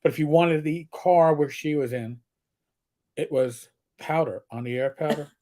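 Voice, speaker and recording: Blunt, higher-voiced man telling stories. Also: moderate pace, dark tone. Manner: blunt storyteller, swears freely. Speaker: co-host, former police officer. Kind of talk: casual livestream chat.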